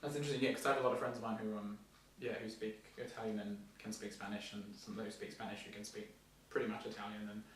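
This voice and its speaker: A woman hosting a casual interview, eager and quick, filling gaps with constant yeahs. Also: very deep voice, flat delivery, a little hiss or hum. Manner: quick, eager, lots of "yeah, yeah" backchannel. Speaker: interview host. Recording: echoey room, distant mic.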